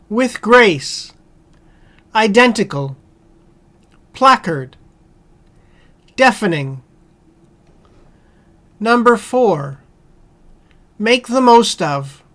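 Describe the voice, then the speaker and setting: Very slow woman reading a word list. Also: medium pitch, fairly bright tone. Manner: slow, measured, one word at a time with long pauses. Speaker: vocabulary reader.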